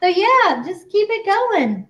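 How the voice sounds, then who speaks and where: A woman in her forties co-hosting a casual chat, talking in a chatty, animated way and acting out other people's lines. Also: extremely high pitch, slow pace, poor audio. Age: 40s. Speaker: co-host.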